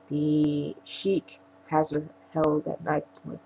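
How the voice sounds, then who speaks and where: Low, gravelly-voiced woman recapping a film. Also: monotone, slow, dark tone, a little hiss or hum, rough recording. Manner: rambling retelling with frequent restarts. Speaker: film reviewer. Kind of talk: casual spoken plot recap.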